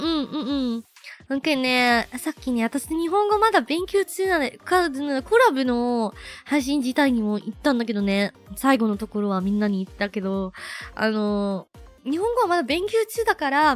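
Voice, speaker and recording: A woman livestreamer in casual chat, bubbly and animated, with many fillers, switching between English and Japanese. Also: high-pitched. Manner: bubbly, animated, self-deprecating.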